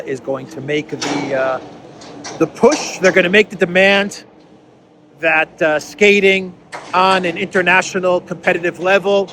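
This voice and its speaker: A middle-aged man giving casual solo news commentary, chatty and halting, with many fillers and restarts. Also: on the high side, fairly bright tone, slight background noise.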